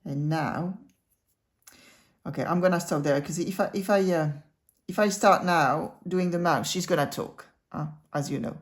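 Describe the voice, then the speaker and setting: A woman's voice: on the low side, normal speed. A woman teaching cartoon drawing in a casual tutorial, chatting the viewer through each stroke.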